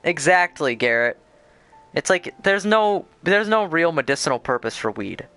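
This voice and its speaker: A man's voice: fairly high pitch, expressive, moderate pace, sharp tone, dry recording, soft background music. A man streaming a game, talking casually in a rambling, crude, opinionated way with lots of fillers. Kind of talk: casual chat over gameplay.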